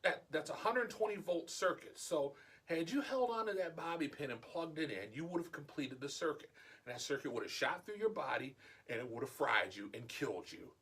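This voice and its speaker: A middle-aged man telling a story from his childhood in a casual, animated way, acting out the voices of the people in it. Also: fairly high pitch, brisk, breathy edge. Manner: animated, acts out quoted voices. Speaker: vlogger.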